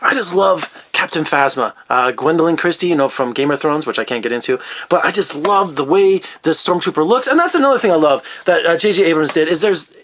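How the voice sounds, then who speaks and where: Middle-aged man, film critic, rapid excited rambling, slightly high voice. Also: a little hiss or hum. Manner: enthusiastic, rambling, jumps between topics. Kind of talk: casual video review.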